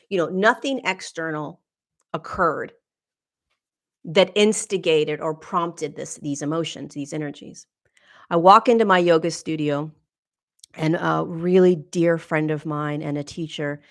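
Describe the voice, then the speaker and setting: A woman's voice: lowish voice, a bit bright. A middle-aged woman hosting a candid personal monologue, blunt and emphatic, swearing freely and stammering when moved. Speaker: spiritual teacher and host.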